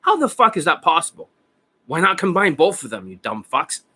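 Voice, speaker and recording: A man's voice: a little high, big pitch swings, a little fast, bright, forceful tone, low-quality recording. Scornful, foul-mouthed man ranting. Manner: profane, scornful, insulting; repeats "right?" and "you see that?". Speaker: dating coach. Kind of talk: ranting coaching monologue.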